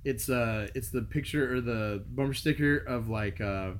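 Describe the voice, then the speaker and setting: A man chats on a podcast in a mid-pitched voice. He jokes easily and pokes fun at himself. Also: normal speed, a little hiss or hum. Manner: joking, self-mocking. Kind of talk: casual chat.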